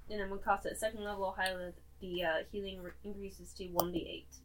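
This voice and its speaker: A woman's voice: medium pitch, flat delivery, fairly quick, far from the mic, very noisy. A woman playing a tabletop game, emphatic and reading out spell rules. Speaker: player and editor of the show. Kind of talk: casual tabletop chat.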